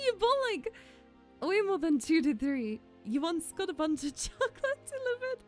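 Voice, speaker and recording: A woman's voice: extremely high pitch, sing-song, moderate pace, soft background music. A young woman VTuber chatting casually with her viewers, giggly and emotional. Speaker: VTuber streamer. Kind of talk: casual chat with stream viewers.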